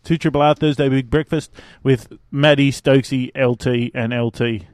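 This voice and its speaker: A man's voice: mid-range voice, fairly even intonation, moderate pace, darkish tone, dry recording. A man hosting a breakfast radio show, chatting and joking easily with his co-hosts in the studio. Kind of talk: casual banter on breakfast radio. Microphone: studio microphone.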